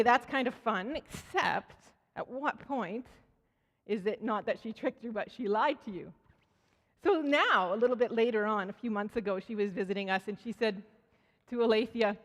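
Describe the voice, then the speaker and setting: In a church sanctuary with long reverb, a Canadian woman with a medium-pitched voice speaks briskly. Her sermon is conversational, built on stories and acted-out quoted voices, with frequent restarts.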